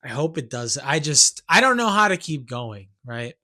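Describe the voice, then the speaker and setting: A man's voice: on the high side, very animated, moderate pace, sharp tone. A man talking to camera in a rambling, ranting monologue, breaking off and restarting and tagging his points with questions. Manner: rambling, self-interrupting, keeps asking "right?". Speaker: YouTuber and songwriter.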